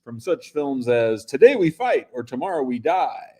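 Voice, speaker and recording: A man putting on the voice of a suave, washed-up male Hollywood actor hosting a pitch, slow and grandly announced. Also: sing-song, darkish tone, slightly rough. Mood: hammy.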